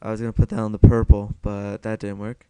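A man's voice: fairly low pitch, monotone, fast, dark tone, clean tone, faint music behind. A young man giving casual solo gameplay commentary, self-mocking and swearing a lot as he mutters to himself.

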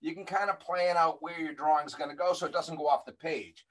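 A man's voice: a little high, fairly even intonation, a little fast, a bit bright, rough recording. A man from Massachusetts giving a friendly step-by-step drawing lesson to kids over a webcam. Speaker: illustrator teaching drawing. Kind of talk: drawing lesson on a video call.

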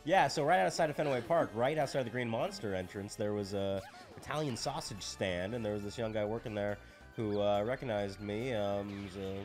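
A man's voice: on the low side, a little fast, soft background music. Laid-back hesitant man. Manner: laid-back, hesitant, lots of ums and dry asides. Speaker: co-host. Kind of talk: casual chat while playing a video game.

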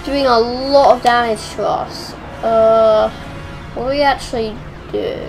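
Excitable young woman gamer. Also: a little high, measured pace, rough recording. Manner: excitable, chatty, exclaiming at the action. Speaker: let's play gamer. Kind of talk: casual gameplay commentary. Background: game music.

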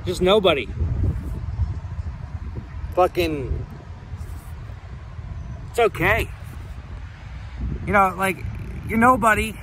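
Bright-voiced man in a rambling rant. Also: sits high, slow, pauses often, slight background noise. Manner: rambling, rhetorical, swearing, talks to unseen haters. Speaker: comedy vlogger. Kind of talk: comedic rambling rant to the camera. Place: outdoors on a hike.

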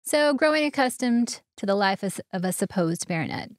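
A woman's voice: mid-range voice, animated, a little fast, no room sound. Woman co-host with a dry close sound. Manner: leads the story from notes, laughs often. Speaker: podcast co-host. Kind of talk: casual podcast chat.

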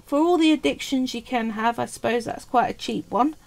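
A woman's voice: a little high, a little fast, creaky, darkish tone. A woman with a Cockney accent, talking chattily through a craft tutorial at home, thinking aloud as she works. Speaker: polymer clay crafter and streamer.

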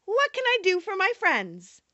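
A woman voicing the tiny queen of the field mice, speaking in a squeaky little voice. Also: huge pitch swings, bright, forceful tone, no echo, muffled recording, full character voice. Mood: kindly. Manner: squeaky, kindly and brisk.

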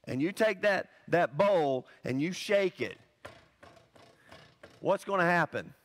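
Animated, chatty male pastor, higher voice. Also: takes it slowly. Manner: conversational and animated, exclaims "man", rambles in asides. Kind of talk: sermon.

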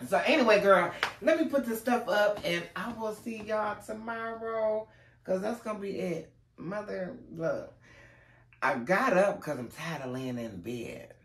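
A man's voice: sits high, unhurried, fairly bright tone, reverberant. A man chatting casually to camera at home as a lifestyle vlogger, rambling from one story to the next.

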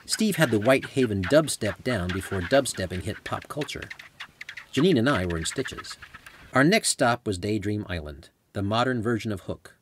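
A man's voice: lowish voice, lively intonation, moderate pace, background noise. A man narrating his own travel memoir as an audiobook, in a conversational storytelling manner. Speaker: author and narrator.

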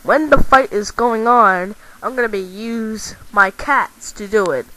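A woman's voice: fairly high pitch, unhurried, sharp tone, dry recording, poor audio. A woman voicing an angry male toy action figure in a home-made toy video, rambling and repeating herself. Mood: angry, ranting.

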